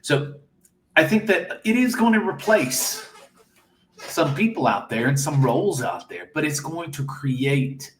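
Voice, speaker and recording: A man's voice: on the high side, animated, measured pace, reverberant, a crowd in the background. A man as an interview guest, talking enthusiastically and telling stories about his business. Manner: enthusiastic, storytelling. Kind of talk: casual interview.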